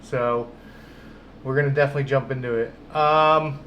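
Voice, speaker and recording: A man's voice: medium pitch, steady tone, moderate pace, muffled recording, a little hiss or hum. A man co-hosting a comedy podcast, chatting casually with lots of fillers and restarts. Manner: rambling, filler-heavy talk. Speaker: podcast co-host. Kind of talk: casual chat.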